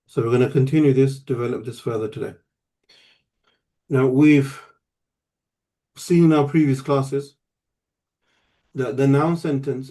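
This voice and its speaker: A man's voice: mid-range voice, mellow. A man teaching an online grammar lesson, explaining patiently step by step and checking in with his student. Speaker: Arabic teacher.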